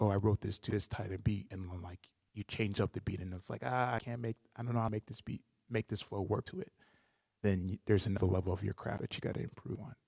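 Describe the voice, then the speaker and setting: A rapper hosting a live stream, casually answering viewer questions and explaining rap technique with many "like" fillers. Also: male voice, darkish tone, no echo, clean studio sound, big-room sound. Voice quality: gravelly low voice. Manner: loose, conversational, many "like" fillers.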